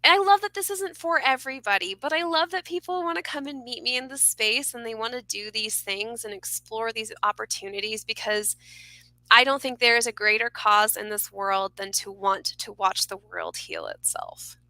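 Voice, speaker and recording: Bright-voiced woman talking earnestly. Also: a little high, normal speed, no room sound, low-quality recording. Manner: earnest, mystical, expressive, laughs often. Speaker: podcast guest. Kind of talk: casual conversation.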